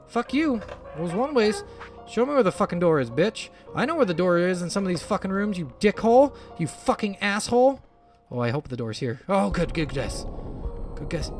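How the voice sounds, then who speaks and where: A man narrating his own horror game run, swearing and panicking as he talks to himself. His pitch jumps all over the place, with a gravelly fry in his voice and faint music behind. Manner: frantic, profane, talks to himself. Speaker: gamer. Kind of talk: horror game let's play commentary.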